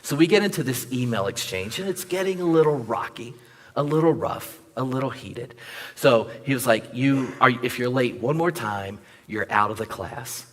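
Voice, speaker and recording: Animated male preacher in a reverberant hall. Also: mid-range voice, moderate pace. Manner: animated storyteller acting out dialogue, jokes with the audience. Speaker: pastor. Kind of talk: sermon storytelling. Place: church sanctuary.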